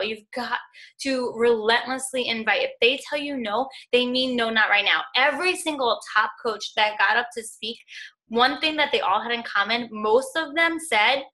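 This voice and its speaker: A woman's voice: a little high, bright, forceful tone. A young woman leading a coaching team, giving an earnest, encouraging motivational talk on a group call, full of "like" and "y'all". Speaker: fitness coaching team leader.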